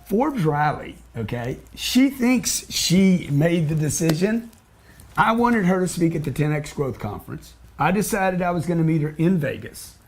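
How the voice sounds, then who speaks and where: A man's voice: on the high side, very animated, unhurried, darkish tone, a little hiss or hum. Blunt, teasing male interview host. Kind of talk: casual interview chat.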